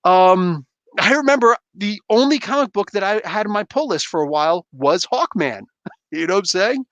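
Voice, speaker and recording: Emphatic, animated man ranting about comics. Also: sits high, normal speed, dry recording. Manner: emphatic, rambling, fan banter. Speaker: comic book reviewer, livestream host. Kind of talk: casual livestream rant.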